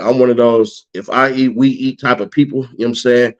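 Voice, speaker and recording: A man's voice: a little fast, few pauses. A man telling a story in casual chat as a guest, cursing often and acting out what people said. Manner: profane, animated, acts out quotes in a higher voice. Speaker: guest, YouTuber. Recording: dull lo-fi sound.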